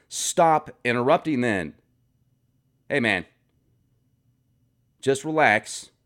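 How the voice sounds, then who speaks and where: Animated, sarcastic male vlogger. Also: mid-range voice. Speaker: host reading viewer comments. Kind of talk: comedic comment-reading vlog. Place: home garage.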